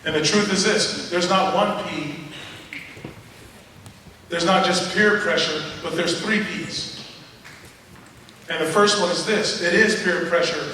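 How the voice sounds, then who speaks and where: A man's voice: high-pitched, slow pace, pauses often, a little hiss or hum. A man giving a motivational speech to students, telling stories and acting out what people said. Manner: animated storytelling, acting out quotes. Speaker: motivational speaker. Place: school assembly hall. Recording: echoey hall recorded from far off.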